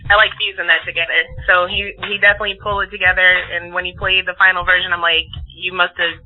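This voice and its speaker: A woman's voice: fairly low pitch, flat delivery, rapid-fire, soft background music. A woman singer, a guest on the show, chatting casually with lots of "like" and "you know.". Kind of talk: casual interview chat. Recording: tinny phone line.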